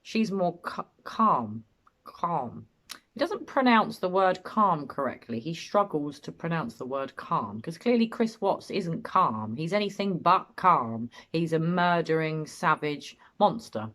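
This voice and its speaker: British woman with a low voice picking apart interview statements, blunt and emphatic. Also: big pitch swings, a little slow, fairly bright tone. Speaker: host and commentator. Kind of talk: statement analysis commentary.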